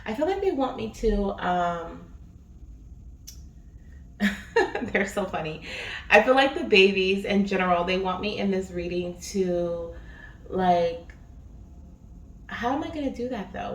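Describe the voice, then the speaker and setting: A woman's voice: mid-range voice, expressive, unhurried, long pauses. A woman giving a casual spiritual reading, chatty and rambling with many fillers. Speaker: spiritual reader. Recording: echoey room, distant mic, faint noise.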